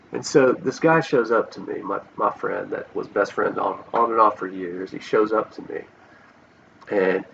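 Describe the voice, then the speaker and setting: A man's voice: fairly low pitch, vocal fry, distant mic. A man vlogging a personal story, earnest and rambling, with many restarts, on a dull lo-fi recording with faint hiss.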